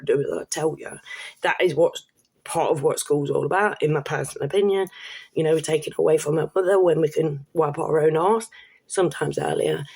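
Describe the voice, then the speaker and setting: A woman's voice: low-pitched, darkish tone, breathy edge. A British woman in her fifties, vlogging in a blunt, rambling, sweary way with frequent restarts. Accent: British English. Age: 50s. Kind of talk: casual monologue to camera.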